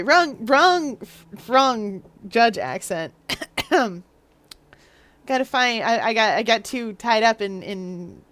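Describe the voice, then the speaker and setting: A woman's voice: mid-range voice, fairly bright tone. Playful rambling woman streamer. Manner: playful, rambling, self-mocking. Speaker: game streamer. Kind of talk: casual live gameplay commentary.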